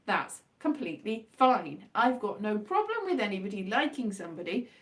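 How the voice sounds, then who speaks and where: A tired woman from Wales with a softened Welsh accent, hosting a stream and rambling in a casual, self-deprecating way that trails off. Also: medium pitch, big pitch swings, normal speed. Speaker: livestream host. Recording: distant from the mic.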